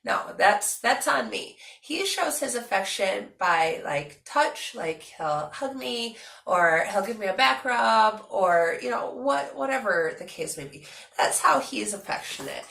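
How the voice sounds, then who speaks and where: A young woman chatting casually to her vlog audience, animated and talkative with lots of fillers. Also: medium pitch, measured pace, vocal fry, roomy sound. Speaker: vlogger.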